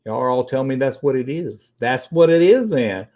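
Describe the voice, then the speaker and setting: A middle-aged man hosts a casual livestream, chatting with viewers in an animated, profane way and rambling between tangents. His voice is mid-range at a normal speed, and the sound is lo-fi.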